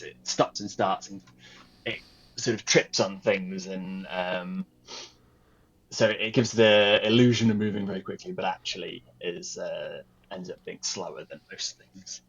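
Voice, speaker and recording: A man with a very low, husky voice describes his character's moves in a tabletop game. He pauses and restarts often as he thinks aloud. The sound is dull and lo-fi. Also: fairly bright tone. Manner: halting, many fillers and restarts. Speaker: player.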